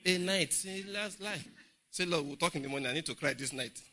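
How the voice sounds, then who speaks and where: A middle-aged man with a Nigerian English accent preaching a humorous, animated Bible study sermon in church. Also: fairly high pitch, a little fast. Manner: humorous, laughing, animated storytelling. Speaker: pastor.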